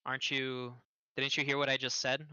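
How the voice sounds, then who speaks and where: A man's voice: medium pitch, completely flat delivery, normal speed, sharp tone, smooth, no room sound. A man voicing a blunt, practical male adventurer, matter-of-fact, on a dull, dry mic.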